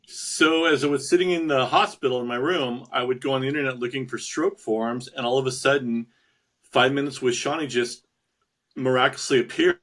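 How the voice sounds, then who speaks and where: A man speaks as a guest in an online interview, sincere and determined. His voice sits in a middle pitch, and he talks with small restarts. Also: fairly quick, fairly bright tone. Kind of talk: interview storytelling.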